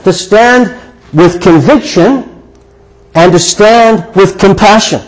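Older guy preaching a sermon, slightly higher voice, earnest and chatty, asks lots of questions. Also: slow, poor audio. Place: church sanctuary before a congregation.

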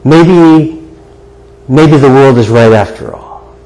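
A man's voice: mid-range voice, slow, dark tone, low-quality recording. An older man preaching a sermon to a congregation in an earnest, conversational way, with repeated rhetorical questions. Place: church sanctuary before a congregation.

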